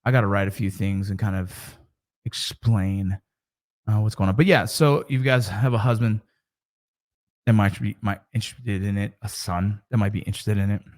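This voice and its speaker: A man's voice: lowish voice, moderate pace. A middle-aged man and father talking casually to camera about mentoring, in a rambling, conversational way with frequent restarts.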